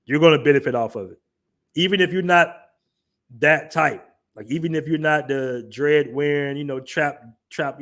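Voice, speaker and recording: A young man from the southern United States, speaking with an African American Vernacular English accent, hosts a livestream. His voice sits fairly high with a slightly bright quality. He keeps things loose and joking, packs his talk with slang, and reads the chat out loud.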